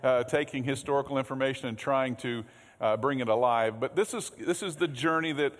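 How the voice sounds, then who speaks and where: A man's voice: medium pitch, a little fast. A man preaching a sermon as pastor in a church, conversational, often repeating words and asking the congregation questions. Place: church sanctuary. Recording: long hall reverb.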